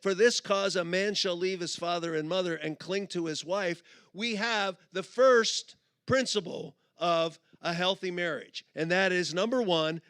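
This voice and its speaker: Man, middle-aged, humorous sermon, high pitch, dry close sound, storytelling. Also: a bit bright, no room sound. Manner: storytelling, acts out both sides of a couple with quick voices. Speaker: conference speaker. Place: conference auditorium.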